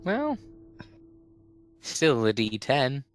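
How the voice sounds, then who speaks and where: A man's voice: mid-range voice, wildly swooping pitch, very slow, faint music behind. A man playing in a tabletop game, making wry, teasing remarks. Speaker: player. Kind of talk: casual tabletop game chat.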